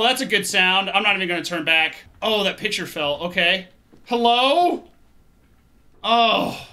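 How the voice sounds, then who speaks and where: A young man narrates his horror game play with a high, very bright voice. He startles easily, swears often and keeps talking to himself as he moves along. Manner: jumpy, swearing, talks to himself. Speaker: gaming YouTuber. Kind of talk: let's play commentary.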